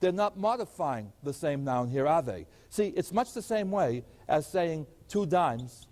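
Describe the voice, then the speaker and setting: A man's voice: a little high, lively intonation, a little slow, darkish tone. A man teaching a math lecture, explaining step by step and posing rhetorical questions to the class. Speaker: mathematics lecturer. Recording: long hall reverb.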